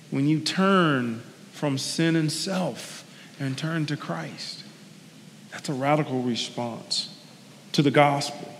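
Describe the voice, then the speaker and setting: A man with a fairly high, gravelly voice preaches a sermon as a guest speaker. He is earnest and conversational, drives his points home by repeating them, and drifts into personal asides. His voice rings with the long reverb of a large church hall. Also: a little hiss or hum. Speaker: guest preacher, sports team chaplain.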